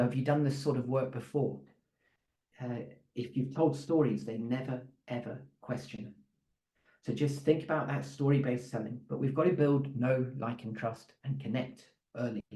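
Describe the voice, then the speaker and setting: A man's voice: mid-range voice, dark tone, reverberant, rough recording. A man giving a sales coaching talk to a live audience. He speaks conversationally and often stops to restart with fillers.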